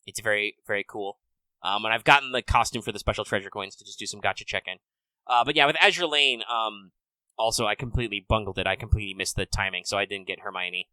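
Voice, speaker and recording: A man co-hosting a podcast, talking in a relaxed, casual way with many fillers. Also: fairly low pitch, quick pace, no room sound, poor audio. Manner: relaxed, filler-heavy gamer talk. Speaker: podcast co-host. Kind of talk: casual chat.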